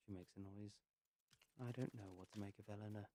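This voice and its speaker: Low, mellow-voiced man reading a story. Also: fairly even intonation, fairly quick, slight background noise. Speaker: narrator. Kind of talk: reading a story aloud while playing a game.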